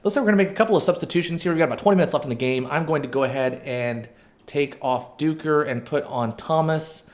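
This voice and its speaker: Excitable man commentating a game. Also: on the high side. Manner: excitable, shouts at his players, quick asides and self-corrections. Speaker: video game channel host. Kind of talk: let's-play match commentary.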